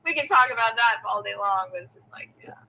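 A woman's voice: on the high side, animated, quick pace, creaky, background noise. A woman who sings and trains voices, speaking in a casual interview, agreeable and hesitant with many fillers. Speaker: singer and vocal trainer.

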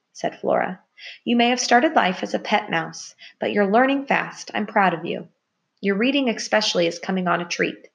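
A woman voicing a clever female mouse who teaches, speaking in a brisk, teacherly manner. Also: mid-range voice, vocal fry, close to an everyday voice.

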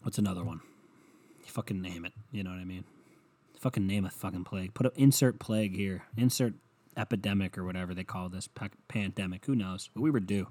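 A man's voice: fairly low pitch, a little mellow. A young adult man rambling and ranting at home, sarcastic and full of swearing, in a solo comedic monologue.

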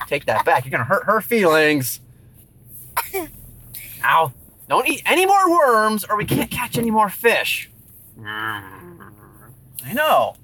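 With a mid-range, slightly breathy voice on a rough recording, a storyteller performs a one-sided skit, playfully chatting with an invisible zombie friend. The manner is animated, patiently teasing, much like coaxing a child.

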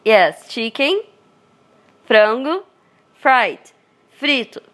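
A hoarse woman with a Brazilian Portuguese accent, a native Portuguese speaker, chatting casually to her viewers and searching for words in English. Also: a little high, big pitch swings, drawn-out words, a bit bright. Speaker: vlogger.

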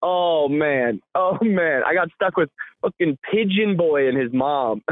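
Man, podcast co-host, casual rambling storyteller, slightly high voice, thin phone-like sound. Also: slow. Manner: rambling, animated storytelling with frequent laughs. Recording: tinny phone-line sound, dry.

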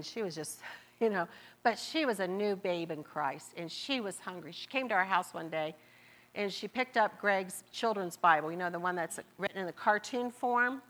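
A woman's voice: medium pitch, lively intonation, normal speed, fairly bright tone. A woman with a Southern accent preaching a sermon, repeating phrases and stretching out key words for emphasis.

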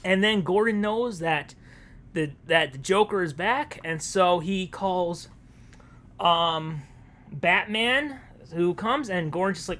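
A man's voice: sits high, expressive, measured pace, fairly bright tone. A man co-hosting a podcast, casually retelling a story he wrote and acting out the characters' lines. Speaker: podcast co-host.

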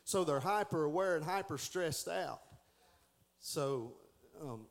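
A man's voice: on the high side, animated, takes it slowly, gravelly. A middle-aged man giving a folksy Sunday school lesson, stumbling and restarting as he reads aloud.

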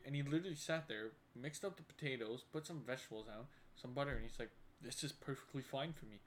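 A man's voice: mid-range voice, fast talker, hardly any pauses, a little hiss or hum. A young man co-hosting a podcast, telling rambling, joking stories in casual banter. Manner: rambling, joking, animated storytelling. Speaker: podcast co-host. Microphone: studio podcast mics.

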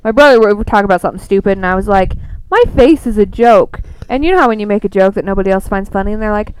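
A woman co-hosting a casual radio chat, brash and swearing, telling quick stories. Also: medium pitch, clear, resonant tone, rough recording. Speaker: radio show co-host.

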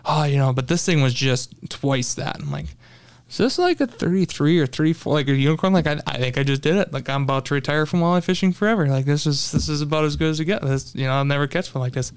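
A young man tells a fishing story in casual talk, his voice smooth and clear. He gets animated as he retells it and is full of fillers and restarts. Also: fairly high pitch, fast, hardly any pauses. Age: young adult. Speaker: podcast guest, tournament angler.

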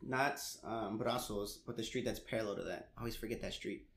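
A young man in casual chat, an animated storyteller who laughs often and swears casually. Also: fairly low pitch, brisk, slight background noise. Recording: echoey room.

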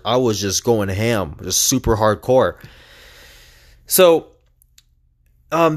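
A young man telling a personal story on his own podcast, rambling and earnest, filling his talk with "like". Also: fairly low pitch. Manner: rambling, heavy use of "like", earnest.

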